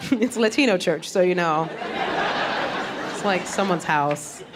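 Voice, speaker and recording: A woman's voice: on the low side, expressive, slow pace. A woman performing stand-up comedy on stage, talking chattily with the crowd and asking it questions. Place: comedy stage before a live audience. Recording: live stage recording with audience laughter and noise.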